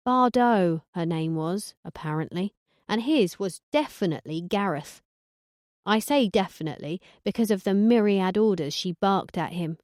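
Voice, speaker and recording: A woman narrating an audiobook in the first person, sardonic and deadpan. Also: medium pitch, moderate pace, no room sound, clean studio sound.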